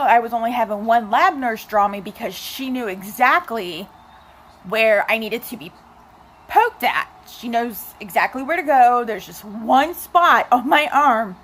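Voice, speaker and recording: A woman's voice: a little high, a bit bright. A young woman chatting casually to her viewers, telling a personal story with lots of asides. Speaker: vlogger.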